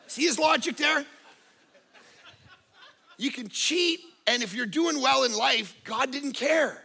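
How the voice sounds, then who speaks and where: Gravelly, bright-voiced middle-aged male pastor. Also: extremely high pitch, slow pace, pauses often. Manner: animated storytelling, swings from hushed to shouting. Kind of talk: sermon.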